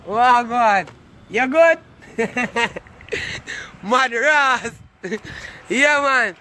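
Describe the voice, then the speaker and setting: A man's voice: very high-pitched, expressive, extremely slow, pauses often, sharp tone, a little hiss or hum. A man with a Jamaican accent doing a brash, swaggering, crude comic rant to his viewers. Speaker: comic vlogger. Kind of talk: boastful comic rant to camera.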